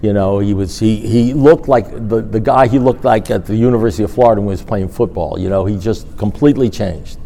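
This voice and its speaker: Low-voiced man telling a rambling story. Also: a little fast, hardly any pauses, a little hiss or hum. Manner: rambling, animated storytelling with acted dialogue. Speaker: recovery meeting speaker. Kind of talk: personal story talk.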